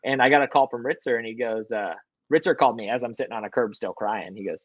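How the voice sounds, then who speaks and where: Young man, podcast guest, casual storytelling, animated, swears, muffled, dry room. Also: medium pitch, fast, no room sound. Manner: animated, swears, acts out quotes. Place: hotel room.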